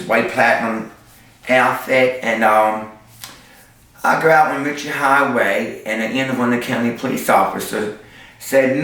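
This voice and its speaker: Sassy guy telling street stories, forceful bright voice, echoey, mic kinda far. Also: medium pitch. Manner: sassy, with sound effects. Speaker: street performer. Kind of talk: storytelling interview.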